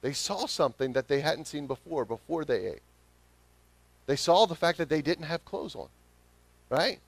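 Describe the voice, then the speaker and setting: A man with a Southern accent preaching a sermon as pastor, swinging from quiet reflection to emphatic, rising calls. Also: on the high side, lively intonation, normal speed, dry recording. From Southern United States.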